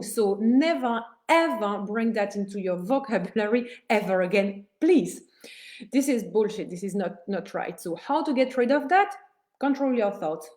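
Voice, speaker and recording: Emphatic woman teaching, mellow voice. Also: on the high side. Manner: emphatic, animated, swears casually. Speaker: spiritual teacher. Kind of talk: motivational teaching talk.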